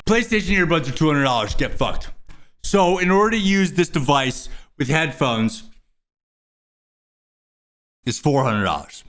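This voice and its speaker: A man's voice: high-pitched, big pitch swings, unhurried, sharp tone, smooth. A young man hosting his own video, ranting about a product with crude, exasperated swearing. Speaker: host. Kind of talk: profane ranting commentary.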